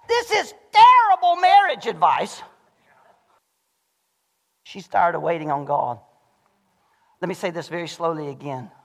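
A pastor preaching a sermon in a church, animated and swinging between shouting and hushed lows. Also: male voice. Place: church sanctuary. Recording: long hall reverb.

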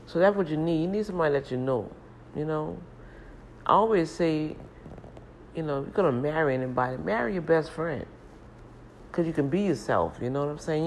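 A woman's voice: rumbling low, a little hiss or hum. Chatty New woman telling stories. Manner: animated, chatty, laughs at herself. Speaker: vlogger. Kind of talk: casual storytelling vlog. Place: home kitchen, indoors.

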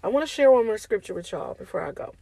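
A woman's voice: fairly high pitch, animated, fast talker, vocal fry, dark tone, dry recording, low-quality recording. A woman giving an informal devotional talk to her online community, often asking "okay?" and speaking in a casual, preachy way. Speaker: faith speaker.

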